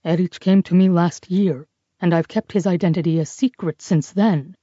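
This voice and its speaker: A woman voicing a calm, kind male French priest who speaks gently and reassuringly. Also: on the low side, moderate pace, no room sound, highs cut off, natural voice. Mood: gentle.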